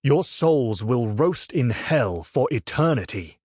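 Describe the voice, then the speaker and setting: A man's voice: on the low side, measured pace, a little mellow, no echo. A man voicing a zealous Dominican friar and inquisitor in an audiobook, roaring hellfire threats and at times feigning sweetness. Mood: furious. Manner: roaring hellfire preaching, then falsely sweet.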